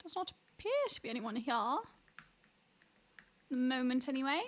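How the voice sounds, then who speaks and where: A woman's voice: high voice, expressive, moderate pace. A woman streaming a game live, chatting and giving running commentary to other players. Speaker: streamer hosting a hide and seek game. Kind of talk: casual livestream chat while gaming.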